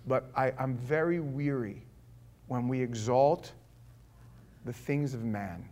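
A man in his forties preaching a sermon, animated, swinging from loud exclamations to hushed asides and acting out quotes. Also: mid-range voice, slow pace. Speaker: pastor.

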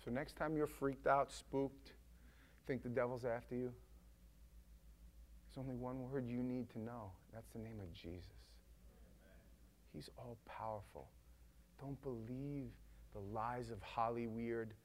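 A male preacher giving a casual, emphatic sermon that swings from loud to hushed. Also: medium pitch, fairly even intonation, unhurried, pauses often.

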